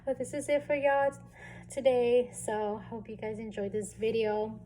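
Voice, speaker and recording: Young female vlogger, candid and relaxed, slow delivery, warm mellow voice. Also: a little high. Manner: candid, relaxed, lots of fillers and some swearing. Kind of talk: casual storytelling vlog.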